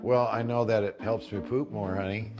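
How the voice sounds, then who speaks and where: An older man from the United States chatting in a video diary, emotional and folksy with rough jokes. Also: on the low side, fairly even intonation, normal speed, lo-fi sound, music in the background. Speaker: reality TV bounty hunter. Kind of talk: casual video diary chat.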